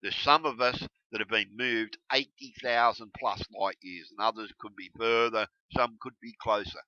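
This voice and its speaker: A man ranting heatedly to camera, swearing constantly and breaking into yelled bursts. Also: fairly low pitch, fairly even intonation, normal speed, no echo. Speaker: video blogger. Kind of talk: angry profane rant to camera. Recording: dull lo-fi recording.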